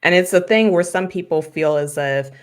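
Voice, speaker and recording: A woman's voice: on the low side, moderate pace, clean tone. Emphatic woman consultant guest. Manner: animated, emphatic, frequent "like". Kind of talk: conversational interview.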